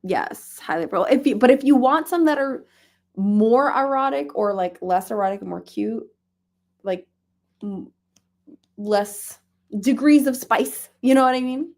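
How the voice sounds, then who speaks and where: A woman hosting a relaxed reading livestream, chatting casually with viewers, laughing often and talking softly to her cat. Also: a little high, a little slow. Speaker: livestream host. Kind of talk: casual chat.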